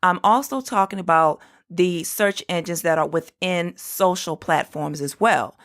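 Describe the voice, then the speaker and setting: A woman hosting her own business podcast, explaining things step by step and spelling out web addresses slowly. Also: lowish voice, fairly bright tone. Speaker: podcast host. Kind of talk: solo business podcast talk.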